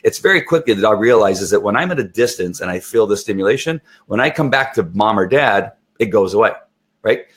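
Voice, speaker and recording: A middle-aged man with a lowish voice explains how to train dogs. He talks in a lively, hands-on way and often slips into the dog's point of view to make his point. It sounds like an instructional talk. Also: a little fast, breathy edge. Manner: animated, acts out the dog's thoughts. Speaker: dog trainer.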